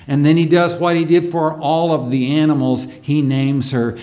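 A man preaching a sermon in a slow, measured way, rising with emphasis on key points. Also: a little high, a little mellow. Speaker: pastor.

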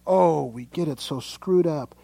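A man preaching a sermon, swinging from loud proclamation to hushed whispers and speaking straight to his congregation. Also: fairly high pitch, a little slow, gravelly, dry recording. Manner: addresses the congregation directly. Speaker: pastor.

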